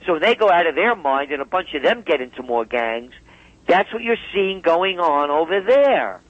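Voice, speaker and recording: A man's voice: on the high side, very animated, moderate pace, fairly bright tone, no echo. A man speaking as a guest in a radio interview, emphatic and heated as he tells a story. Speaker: guest commentator. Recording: dull dry phone line.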